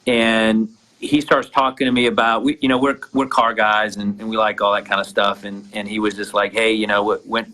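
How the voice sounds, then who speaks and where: A man's voice: lowish voice, flat delivery, normal speed, sharp tone, rough recording. A man, a guest entrepreneur, casually telling a personal story with many restarts.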